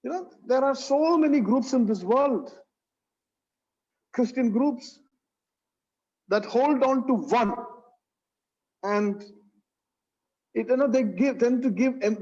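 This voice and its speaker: A man's voice: very high voice, takes it slowly, long pauses, darkish tone. A man teaching a Bible study, earnest, repeating phrases and saying "you know" often. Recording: dull lo-fi sound.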